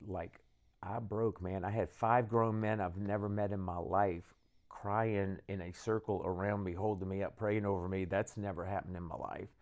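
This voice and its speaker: A man telling his conversion story in casual conversation, animated and acting out the voices of people he quotes. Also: low voice, normal speed. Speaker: guest, band leader.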